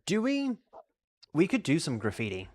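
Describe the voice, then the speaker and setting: A man's voice: a little high, wildly swooping pitch, moderate pace, background noise. An Australian man streaming a game and chatting casually, rambling and restarting his sentences as he answers chat. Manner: reads out and answers chat questions. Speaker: live streamer.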